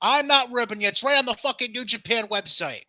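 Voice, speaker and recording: A man's voice: very high voice, quick pace, dry recording. A man co-hosting a casual wrestling podcast, profane and teasing as he runs through the news. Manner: profane, teasing, lively storyteller. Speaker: podcast co-host.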